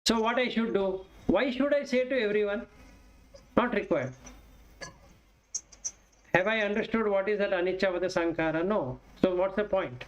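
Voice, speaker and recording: Dharma teacher, male, raised pitch, plain examples and chanted Pali verses. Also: moderate pace, long pauses, highs cut off. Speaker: Buddhist Dhamma teacher.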